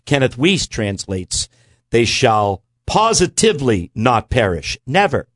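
A man in a conversational Bible teaching talk, earnest and emphatic, slowing down to stress key words. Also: medium pitch, big pitch swings, no room sound, studio quality. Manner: earnest, emphatic preaching cadence with slow stresses.

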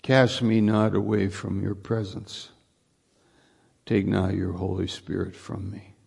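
A man's voice: sits low, vocal fry, darkish tone, breathy edge. A man preaching a sermon, earnest and repetitive, building to emphatic lines.

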